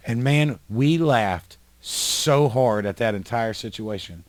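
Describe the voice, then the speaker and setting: Man, podcast host, animated profane storyteller, dry close sound, mid pitch. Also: slow, no room sound. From Highland, New York. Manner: animated storyteller, swears freely. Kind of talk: casual chat, storytelling.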